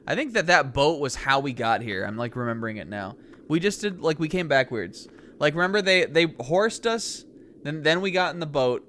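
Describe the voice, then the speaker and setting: A young man casually commenting on a game he is streaming, rambling with lots of fillers and laughing asides, reacting excitedly to what happens on screen. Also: mid-range voice, a little hiss or hum.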